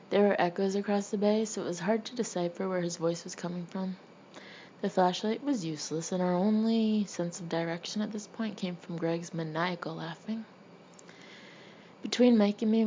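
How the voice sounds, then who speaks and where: A woman narrating a first-person memoir as an audiobook, with wry, deadpan humor. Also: medium pitch, muffled recording, slight background noise.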